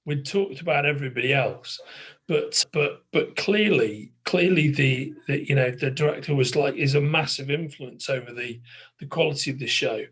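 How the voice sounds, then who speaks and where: Husky bright-voiced chatty man. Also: medium pitch, moderate pace. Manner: chatty, teasing, laughs often. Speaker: podcast co-host. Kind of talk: casual podcast chat.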